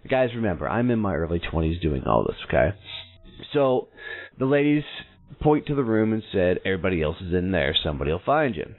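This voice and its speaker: A man in his thirties, a show host telling a personal story in an animated way, acting out the people in it. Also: fairly low pitch, quick pace. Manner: animated, acts out quoted voices in his story. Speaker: podcast host. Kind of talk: storytelling monologue. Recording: tinny phone-like audio.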